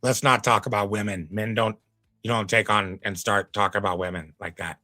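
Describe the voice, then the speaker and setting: A man's voice: lowish voice, fairly even intonation, a little fast, sharp tone, dry recording. A man giving casual live commentary as a reaction streamer, laid-back and folksy, with drawling asides to his chat.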